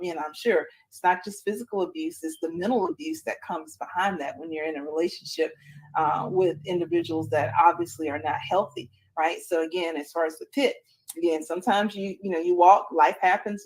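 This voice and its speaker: A woman's voice: sits low, low-quality recording. A woman podcast host in a faith-based interview, encouraging and preachy, leaning on fillers.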